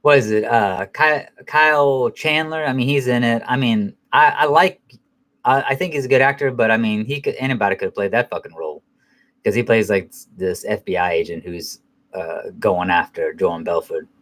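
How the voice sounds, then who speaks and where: A man's voice: fairly low pitch, moderate pace, fairly bright tone. A middle-aged man giving a casual spoken film review, rambling, profane, and often correcting himself.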